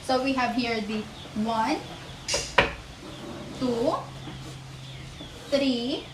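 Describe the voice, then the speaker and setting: A woman teacher walks a class through a poem, counting stanzas and syllables aloud in a slow, patient way. Her voice sits high, and she sounds set back from the mic in an echoey room with faint noise behind. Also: distant mic. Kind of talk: teaching demonstration lesson.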